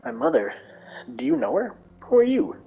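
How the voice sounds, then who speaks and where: A woman's voice: a little high, huge pitch swings, moderate pace, creaky, dark tone, slightly rough, faint music behind, exaggerated voice. A woman voicing a frightened young girl who speaks in an anxious, pleading manner.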